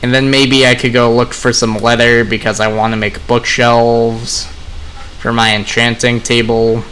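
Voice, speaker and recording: A young man chats loosely to his audience while he plays, drifting between the game and his thoughts. His voice is bright and forward, with a middle pitch. He rambles in a relaxed, conversational way. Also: a little slow, slight background noise. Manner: relaxed, rambling, talks to viewers. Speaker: gaming vlogger. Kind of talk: casual commentary while playing.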